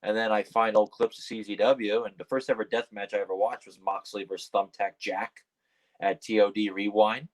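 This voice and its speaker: A man guesting on a podcast, telling wrestling stories in a rambling, casual way, full of fillers and the odd swear, and jumping up high when he acts out his own startled replies. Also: little pitch movement, normal speed, low-quality recording.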